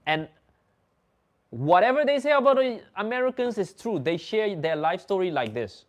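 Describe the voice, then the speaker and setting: Speaking English as a second language after Dutch, a man hosts a livestream and spins casual stories at a moderate pace. His high voice is very animated, and he laughs often while acting out other people's words.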